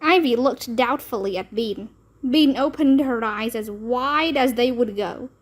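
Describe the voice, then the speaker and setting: A woman reading a children's book aloud, narrating in a slow, expressive manner. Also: fairly high pitch. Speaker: storybook reader.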